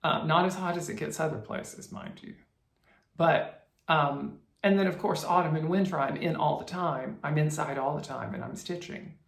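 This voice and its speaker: A woman's voice: deep voice, moderate pace, gravelly. A woman hosting a cross-stitch vlog, chatting casually to her viewers, rambling and restarting her sentences. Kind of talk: casual chat to camera. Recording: roomy echo.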